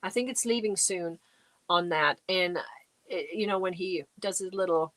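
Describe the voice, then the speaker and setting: A chatty middle-aged woman hosts a relaxed livestream from her home crafting space, reading viewer comments aloud and replying to them. Her voice sits a little low, and it sounds close and dry. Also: normal speed, no room sound. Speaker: livestream host. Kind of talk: casual livestream chat.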